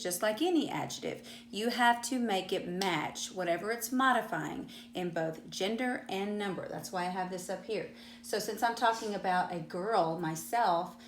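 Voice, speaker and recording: Patient Southern woman teaching a class. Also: mid-range voice. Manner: patient, explanatory, asks the class questions. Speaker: Spanish teacher. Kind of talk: classroom lesson to students. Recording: echoey room with faint hum.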